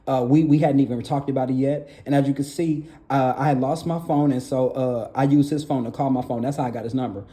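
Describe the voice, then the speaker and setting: A young man giving an emotional personal testimony, halting and repeating phrases as he pleads his case. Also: mid-range voice, fairly even intonation, dark tone. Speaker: documentary narrator telling his own story.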